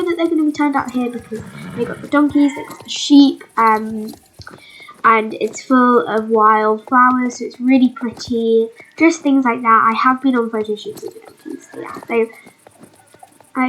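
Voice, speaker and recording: A woman who is sick and sounds croaky, rambling through a casual vlog voiceover with lots of fillers. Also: fairly high pitch, a bit bright, slight background noise, low-quality recording. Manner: rambling, full of "but yeah" and "um". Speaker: vlogger.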